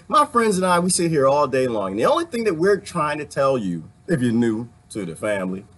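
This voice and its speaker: A man vlogging, preaching his views straight to his viewers in an animated, ranting commentary. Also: on the high side, husky.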